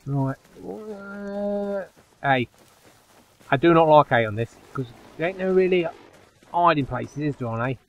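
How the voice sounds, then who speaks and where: A man giving live commentary over his own online shooter match, dropping to low muttering and then yelping loudly when the action heats up. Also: a little slow, muffled recording. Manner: excitable, swings from low muttering to loud yelps. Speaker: gaming YouTuber.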